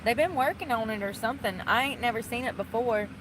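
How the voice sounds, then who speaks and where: A woman chatting casually outdoors on a beach, in a loose, drawling, colloquial way and quick to laugh. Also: fairly high pitch. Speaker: vlogger filmed on the beach. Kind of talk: casual chat. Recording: loud wind and surf noise outdoors.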